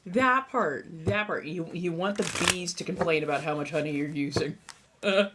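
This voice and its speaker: A woman's voice: lowish voice, moderate pace, heavy background noise. A young American woman with a slight Southern accent, chatting casually and laughing with her livestream chat. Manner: animated, laughing, reacting to chat. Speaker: livestream host.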